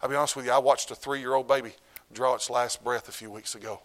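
Middle-aged man as pastor, mid-pitched, preaching sermon, loud bursts and hushed drops. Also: steady tone, quick pace. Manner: swings between loud preaching and hushed, low delivery.

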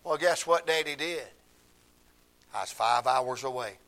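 An older man, preaching a sermon through emotional stories, swinging from hushed tones to shouts. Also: mid-range voice, measured pace, gravelly.

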